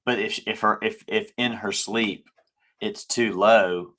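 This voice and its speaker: Deep-voiced easygoing male co-host. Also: fairly even intonation, slow pace, bright, forceful tone. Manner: easygoing, agreeable, chuckles often. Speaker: podcast co-host. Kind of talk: casual chat.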